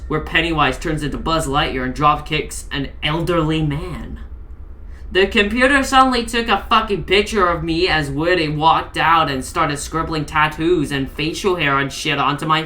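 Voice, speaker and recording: A woman's voice: sits low, pushed and bright. A woman narrating a comedic horror story, exasperated and swearing heavily. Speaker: creepypasta reader.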